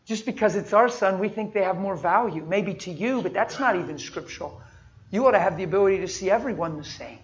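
A man's voice: high-pitched, fairly quick. A man preaching a sermon in an earnest, folksy, conversational storytelling way. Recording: dull, muffled sound with faint noise.

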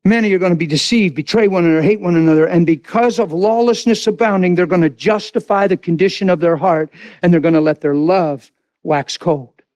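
Male preacher, very high voice, fiery delivery, dry sound. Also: brisk, no echo. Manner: impassioned, swings from loud to hushed. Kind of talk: sermon.

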